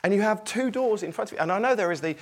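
A man's voice: sits high, lively intonation, rapid-fire. A middle-aged man preaching a sermon, reading scripture aloud and acting out its tone with emphasis.

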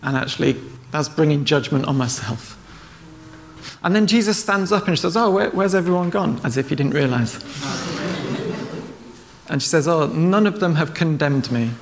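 Male preacher, gravelly tone, conversational storytelling with acted-out quotes, faint background noise. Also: on the high side, animated, normal speed, pauses often. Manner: retells stories conversationally, acting out quoted lines. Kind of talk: sermon.

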